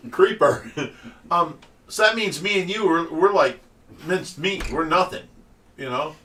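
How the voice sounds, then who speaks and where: A man's voice: fairly high pitch, lively intonation, measured pace, pushed and bright. A man hosting a casual livestream for a fish rescue, telling stories and laughing often. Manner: chatty storyteller who laughs often. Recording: voice distant from the mic.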